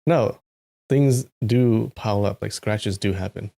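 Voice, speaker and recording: Man, streamer, low voice, casual chat, greets viewers, animated asides. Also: unhurried, creaky. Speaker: live-stream host reading a novel.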